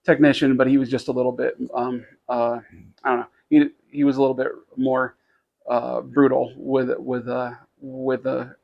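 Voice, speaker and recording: Gravelly-voiced man telling a rambling story. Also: medium pitch, highs cut off. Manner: rambling, halting with many fillers, animated when quoting others. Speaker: podcast co-host. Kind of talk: casual storytelling chat.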